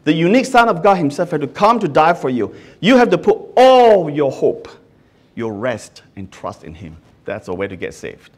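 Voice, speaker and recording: Male pastor, high voice, earnest sermon with frequent restarts. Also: sing-song, moderate pace, a little mellow. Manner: earnest, asks the listeners many questions; often restarts words mid-sentence.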